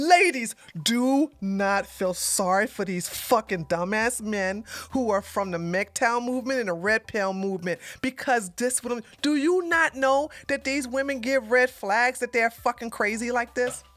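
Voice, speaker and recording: A woman hosting a livestream, giving heated, profane commentary on a clip and mocking what she hears. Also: high voice. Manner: blunt, cursing, mocking, laughs loudly; rants and repeats points to chat. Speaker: livestream host reacting to a clip.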